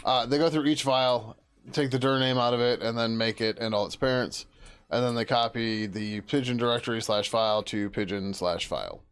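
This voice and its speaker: A man's voice: medium pitch, fairly even intonation, fairly quick, a bit bright, clean tone. A man thinking aloud as he works through code on a live stream, muttering to himself, trailing off and swearing casually. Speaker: software developer streaming his work.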